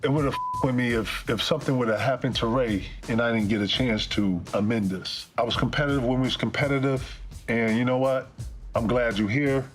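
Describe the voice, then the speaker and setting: A man's voice: medium pitch, fairly quick, faint music behind. A man speaking as a guest in a casual interview, talking in a reflective, loose and profane way.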